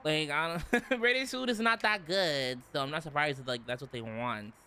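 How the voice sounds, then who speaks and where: Bright-voiced, rambling young man streamer. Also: on the high side, moderate pace, a little hiss or hum. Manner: rambling, giggly, heavy use of "like". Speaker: vtuber streamer. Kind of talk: casual chat stream.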